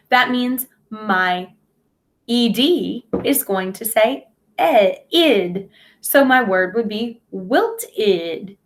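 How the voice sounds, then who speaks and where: A woman teaching a phonics lesson to young children, speaking patiently and over-enunciating sounds. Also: medium pitch.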